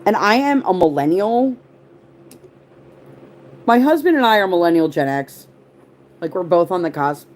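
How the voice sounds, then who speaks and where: A woman's voice: on the low side, animated, a little slow, long pauses, darkish tone. A woman of around forty chatting casually on a livestream, rambling through tangents, answering viewer comments and leaning on the word "like.". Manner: rambling, tangent-prone, heavy use of "like". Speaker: livestream host.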